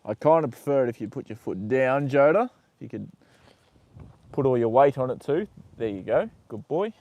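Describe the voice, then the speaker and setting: A man's voice: mid-range voice, expressive, normal speed, a little mellow. A man live-streaming casually as he tends a horse's leg, muttering, swearing and chatting to viewers and the animal. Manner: swears freely, mutters while working, talks to his horse. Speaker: livestreamer caring for a horse.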